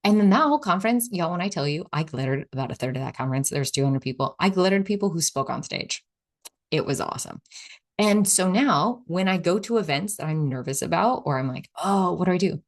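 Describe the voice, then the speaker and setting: A woman's voice: sits low, big pitch swings, a little fast. A woman hosting a solo podcast, chatting in a casual, reflective way and often saying "like". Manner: chatty, lots of "like", acts out quoted inner voices. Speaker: podcast host.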